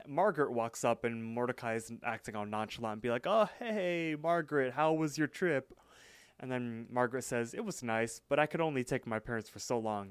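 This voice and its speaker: Man, podcast co-host, smooth clear voice, dry close sound, casual recap. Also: medium pitch, dry recording. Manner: relaxed storytelling with frequent fillers and laughs.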